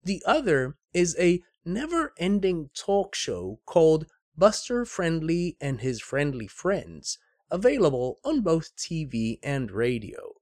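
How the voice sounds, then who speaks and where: A man giving a scripted book analysis, reading measured and deliberate with wry asides. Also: fairly high pitch, sing-song, dry recording, clean studio sound. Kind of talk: scripted narration with read-aloud quotes.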